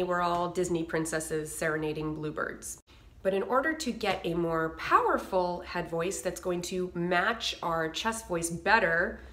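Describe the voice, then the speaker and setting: A woman's voice: on the low side, fairly bright tone, reverberant. A woman vocal coach giving a singing lesson to camera, explaining technique and breaking into short sung and nasal demos.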